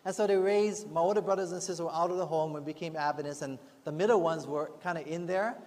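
High-voiced man preaching in a reverberant hall. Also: fast, darkish tone. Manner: earnest, conversational preaching with rhetorical asides. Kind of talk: sermon. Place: church. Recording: long hall reverb, faint music behind.

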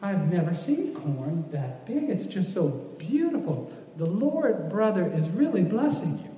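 A man's voice: sits high, very animated, measured pace, mellow. A man voicing a visiting country preacher who keeps admiring a farm. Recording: echoey hall from far off.

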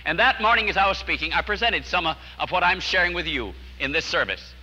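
Male preacher, slightly high, very bright voice, earnest storytelling sermon. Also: animated, quick pace, in a large hall, poor audio. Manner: earnest, storytelling preacher who drops to a hush at key lines.

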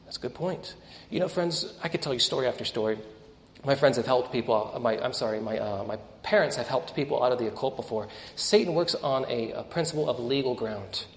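Animated young preacher in an echoey hall. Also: male voice, mid-range voice, gravelly. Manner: animated storytelling, acts out dialogue. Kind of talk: sermon.

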